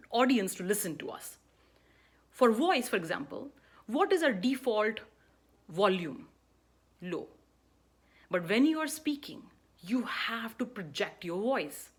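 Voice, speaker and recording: A woman's voice: mid-range voice, a bit bright. A middle-aged woman coach giving a talk on public speaking, emphatic, often checking in with a rhetorical "right?".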